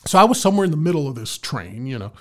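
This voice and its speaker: A man in a loose podcast chat, unspooling a story with lots of "you know" and "like". His voice sits a bit on the high side. He stays laid-back and conversational. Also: very animated, very fast, fairly bright tone. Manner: rambling, laid-back anecdote telling with frequent fillers. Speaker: podcast co-host.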